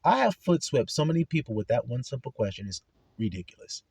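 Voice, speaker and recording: Man, religious rant, blunt and profane, lively swooping pitch, dry close sound. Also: fast talker, vocal fry, breathy edge, no room sound. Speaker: religious speaker. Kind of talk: preaching monologue.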